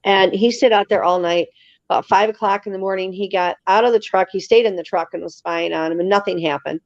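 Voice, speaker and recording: A woman telling stories as an interview guest in a casual, lively way, acting out other people's lines. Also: mid-range voice, a little fast, dry recording. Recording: slightly dull lo-fi sound.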